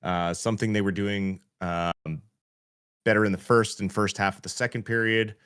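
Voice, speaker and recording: A man giving color commentary and chat shout-outs on a fan hockey livestream, relaxed and halting with many fillers. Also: fairly low pitch, smooth.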